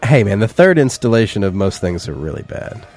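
A man's voice: lowish voice, very animated, fairly quick, darkish tone, faint music behind. A young man co-hosting a casual movie-review chat, laughing often and swearing casually as he acts out lines. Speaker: podcast co-host.

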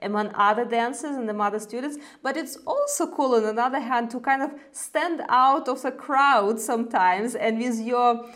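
A woman's voice: on the high side, normal speed, hardly any pauses, fairly bright tone. A woman hosting a casual interview, asking encouraging questions with filler words. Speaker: podcast host and dance club leader.

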